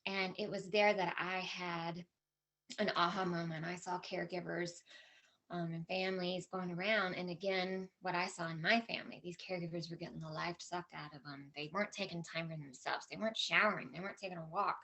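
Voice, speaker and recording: On stage at a conference, a middle-aged woman relates a personal story, emotional and honest, quoting lots of dialogue. She talks briskly in a steady tone, her voice on the low side and a bit bright.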